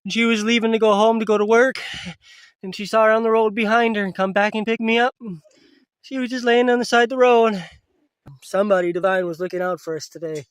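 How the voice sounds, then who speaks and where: A man with a fairly high voice talks casually to the camera from an outdoor camp in the woods. The sound is dry and close. He is emotional and speaks softly when he turns to his pets. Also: fairly even intonation, fast talker, clean tone, no echo. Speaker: vlogger. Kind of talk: casual vlog talk to camera.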